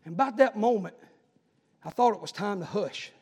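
A pastor preaching a sermon, telling stories and building to urgent appeals. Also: male voice, high-pitched, animated, moderate pace, darkish tone, slightly rough, long reverb tail.

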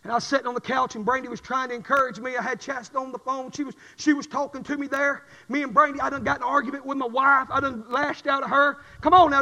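A middle-aged man preaching a sermon, swinging from quiet testimony to shouted fervor. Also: extremely high pitch, little pitch movement, quick pace, hardly any pauses, in a large hall.

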